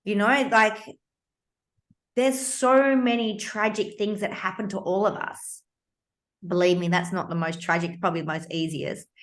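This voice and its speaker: An Australian woman in her fifties tells a personal story on a podcast, her pitch swinging up and down as she leans into each point. She sounds blunt and emphatic, with a middle-range voice. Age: 50s. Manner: animated, emphatic, blunt, occasionally swears. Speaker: podcast host.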